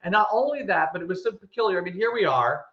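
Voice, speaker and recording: A man co-hosting a podcast in casual chat, telling stories with animated emphasis and frequent restarts. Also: high-pitched, fast, crowd noise. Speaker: podcast co-host. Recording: echoey room, dull lo-fi sound.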